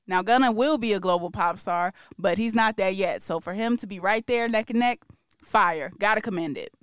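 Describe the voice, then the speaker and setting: A woman's voice: mid-range voice, normal speed, smooth, no room sound, studio quality. A woman hosting a podcast, chatting casually and with strong opinions about music news, laughing often. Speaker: podcast host.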